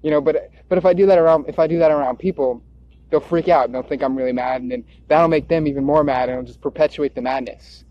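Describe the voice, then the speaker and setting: A man's voice: a little high, steady tone, quick pace, no echo. A man rambling in a stream-of-consciousness monologue, drifting, repeating words and circling back on his thoughts. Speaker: video creator. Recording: dull lo-fi recording.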